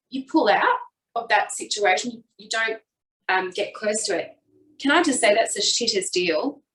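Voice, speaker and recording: A woman's voice: mid-range voice, fairly bright tone. Reflective woman guest, echoey and distant. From Australia. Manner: open, reflective, with quick bursts when retelling. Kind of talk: candid personal storytelling. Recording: echoey room, voice a bit far from the mic.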